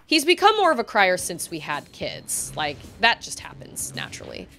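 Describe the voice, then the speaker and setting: Lively, chatty woman streamer. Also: medium pitch, normal speed, slight background noise. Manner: rambling and chatty, laughs often. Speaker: livestreamer playing a video game. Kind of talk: casual chat while gaming.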